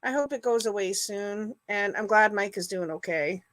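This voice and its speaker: A woman's voice: medium pitch, normal speed, a bit bright, dry recording. A middle-aged woman hosting a casual livestream, rambling with fillers and greeting viewers by name. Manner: chatty, rambling, full of fillers. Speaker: livestream host. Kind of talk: casual chat with live viewers.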